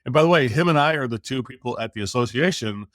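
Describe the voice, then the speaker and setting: A man's voice: medium pitch, quick pace, no room sound, studio quality. A middle-aged man on a podcast, telling a story casually and acting out the quotes in it. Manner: animated storyteller who acts out quotes. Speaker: podcast guest.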